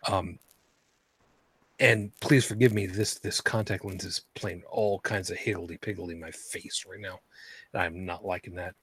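A man with a husky, slightly breathy voice hosts a casual live-streamed talk about space. He rambles and restarts his sentences, and his voice sits close and dry on the microphone with no room sound. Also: low voice, fairly even intonation, fairly bright tone, no echo. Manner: rambling, halting, with many fillers and restarts. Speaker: podcast host.

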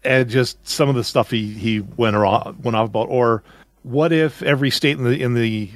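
A man's voice: medium pitch, normal speed, no room sound. Rambling male podcast co-host. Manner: rambling, searching for words. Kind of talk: casual chat.

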